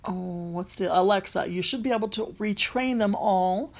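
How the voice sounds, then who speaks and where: Mid-range and moderately paced, her voice carries some vocal fry, and there's a little hiss or hum in the audio. She has a light Southern accent and drives rideshare while vlogging, rambling casually through a phone tutorial with frequent ums and restarts.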